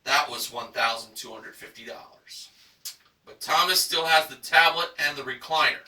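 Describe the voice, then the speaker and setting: A man's voice: medium pitch, moderate pace, pushed and bright, roomy sound, recorded from a distance, poor audio. A man recapping a game show episode in enthusiastic narration, stretching out dramatic price reveals.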